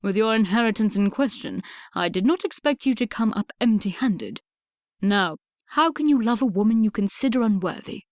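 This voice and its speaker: Woman doing a bossy old regency dad, booming and emphatic, dry close sound. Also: expressive, moderate pace, a little mellow, dry recording, lightly acted. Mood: stern. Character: blustering older Regency gentleman, a father.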